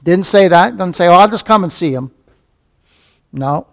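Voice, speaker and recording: A man's voice: sits high, animated, moderate pace, vocal fry, a bit bright. A man preaching a sermon as pastor, repeating key phrases, asking rhetorical questions and calling listeners beloved. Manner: repeats key phrases, rising to fervent emphasis.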